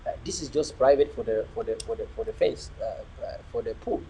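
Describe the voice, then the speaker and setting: A man's voice: medium pitch, big pitch swings, fairly quick, creaky, dark tone, slight background noise, poor audio. A young man hosting a live video chat, preaching and joking, slipping between pidgin and English. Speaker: livestream host.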